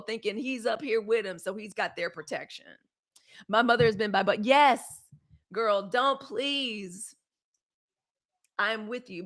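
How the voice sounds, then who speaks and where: Her fairly high, sharp-toned voice drives a live news commentary show. She speaks in a fiery, emphatic way, repeating phrases throughout her impassioned livestream commentary.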